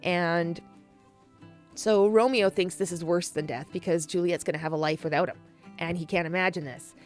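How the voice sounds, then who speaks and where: A woman casually retelling a classic play in a chatty, animated way, laughing and swearing often. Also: lowish voice, normal speed, soft background music. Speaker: storyteller.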